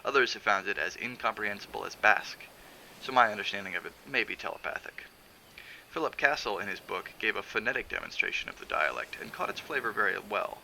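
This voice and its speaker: Creaky bright-voiced man reading aloud. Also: lowish voice, slight background noise, rough recording. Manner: measured, steady reading with occasional fillers. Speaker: streamer reading a novel aloud. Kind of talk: audiobook narration.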